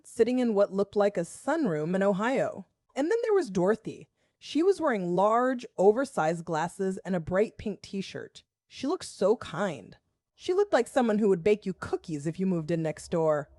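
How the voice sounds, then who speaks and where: Southern woman in her 40s telling a confessional story, dry close mic, wry and measured, voice sits mid-range. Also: mid-range voice, a little mellow, dry recording. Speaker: storyteller, school principal. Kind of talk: scripted first-person narration.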